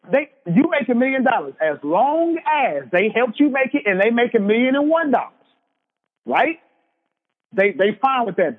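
High-voiced preachy motivational speaker, man. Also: husky. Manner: preachy, emphatic, repeats lines for effect. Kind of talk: motivational speech. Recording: tinny phone-like sound with long hall reverb.

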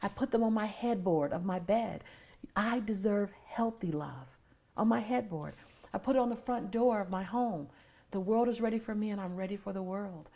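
Husky, gravelly-voiced woman speaker. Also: mid-range voice, normal speed, mellow. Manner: earnest and emotional, dropping to near-whispers. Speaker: motivational speaker. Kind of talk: interview guest telling a personal story.

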